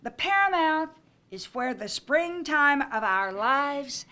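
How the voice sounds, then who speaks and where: High-voiced older woman giving a gracious welcome. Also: expressive, slow pace, pushed and bright. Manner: gracious, anecdotal, with light humor. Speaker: host. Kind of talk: welcome speech to guests. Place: private home during an evening reception.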